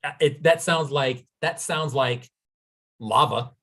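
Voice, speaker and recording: A man's voice: mid-range voice, takes it slowly, fairly bright tone. A middle-aged man from the United States hosting a podcast in a laid-back, casual way, often saying dude and man. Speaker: podcast host. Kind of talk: casual chat.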